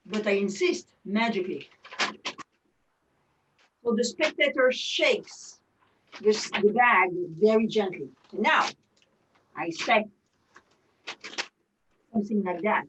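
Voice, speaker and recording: A woman's voice: medium pitch, unhurried, distant mic, a little hiss or hum, poor audio. A woman from France with a French accent, doing chatty, self-mocking magic show patter over a video call.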